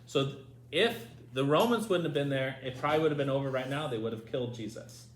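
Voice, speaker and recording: A man's voice: medium pitch, quick pace. Man teaching a Bible lesson. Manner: asks the group questions, reads scripture aloud. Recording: echoey room with faint noise.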